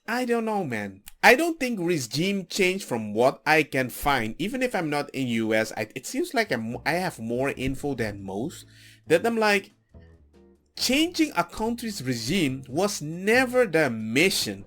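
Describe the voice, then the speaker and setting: A man giving a rambling, animated political rant with mocking asides. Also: on the high side, measured pace. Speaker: political commentator. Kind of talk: ranting commentary.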